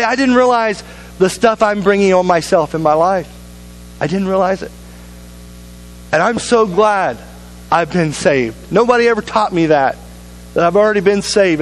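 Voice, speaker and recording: A man's voice: sits high, a little hiss or hum, poor audio. A man pastor preaching a sermon in a church, earnest and urging, with repeated appeals to the congregation. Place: church sanctuary.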